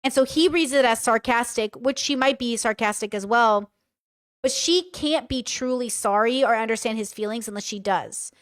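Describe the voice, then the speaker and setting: A woman's voice: fairly high pitch, normal speed, dry recording, clean studio sound. A young woman reading a couple's messages aloud and giving her blunt, casual commentary on them. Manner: reads messages aloud and comments frankly, swearing. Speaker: commentary streamer.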